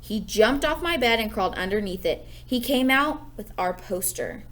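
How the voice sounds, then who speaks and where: A woman teacher reading a children's chapter book aloud to her class, lively and expressive. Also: a little high, normal speed. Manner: expressive, gives characters lively raised voices.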